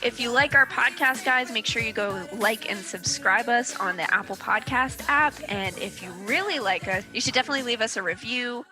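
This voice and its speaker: A female podcast co-host speaking in a relaxed, sleepy way in casual chat. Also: a little high, fairly quick, few pauses, soft background music.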